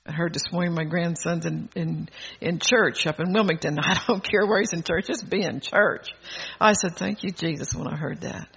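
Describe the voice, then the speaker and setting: A man's voice: high voice, moderate pace, gravelly, bright, forceful tone, slightly rough. An older man preaching a sermon, bold and exhorting, chuckling between phrases, on a dull lo-fi recording.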